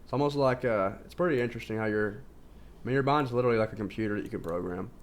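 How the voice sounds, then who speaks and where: A man's voice: fairly low pitch, fast. A man talking casually in a rambling self-help monologue, full of fillers and restarts. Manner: informal, says "like" constantly. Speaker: video host.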